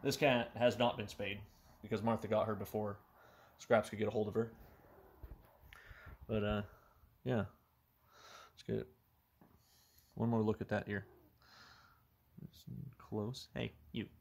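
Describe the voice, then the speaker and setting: Male vlogger with a lowish voice, loose and profane delivery, phone-camera sound. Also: little pitch movement, measured pace, long pauses, husky. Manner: rambling, heavy swearing. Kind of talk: casual vlog talk.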